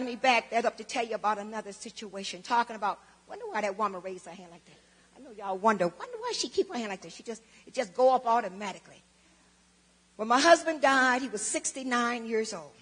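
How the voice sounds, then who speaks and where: Husky older woman testifying. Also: a little high, animated, a little fast, a bit bright. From Southern United States. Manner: dramatic storytelling, acting out both sides of conversations. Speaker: church member giving testimony. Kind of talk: church testimony. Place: church sanctuary. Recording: long church hall reverb.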